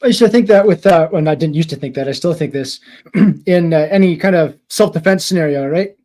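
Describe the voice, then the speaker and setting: A quick-talking man with a mellow, slightly higher voice, speaking in a casual talk. He mostly adds short remarks and agrees. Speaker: podcast host. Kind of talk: casual conversation.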